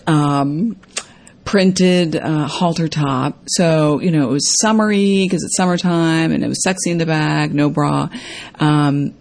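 A woman's voice: gravelly, a little mellow. Chatty woman giving a casual self-help talk. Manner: chatty, many fillers, acts out quotes in a higher voice. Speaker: host.

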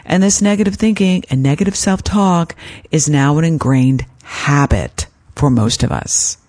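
A woman hosting a self-help podcast, talking gently and encouragingly as a life coach. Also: deep voice, unhurried. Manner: gentle, encouraging, acts out her inner voice in quotes.

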